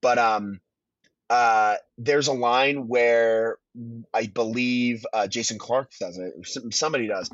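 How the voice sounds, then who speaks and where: A man's voice: mid-range voice, a little slow, no echo. A man guesting on a podcast, rambling through his thoughts on a film with restarts and casual swearing. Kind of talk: casual movie review chat. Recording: dull dry lo-fi sound.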